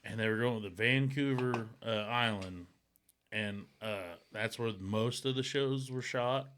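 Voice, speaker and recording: A man's voice: mid-range voice, unhurried, slight background noise. A man casually chatting on a podcast, telling a rowdy story full of swearing and acted-out quotes. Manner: animated storyteller acting out quoted voices. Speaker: podcast host. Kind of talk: casual profane storytelling chat.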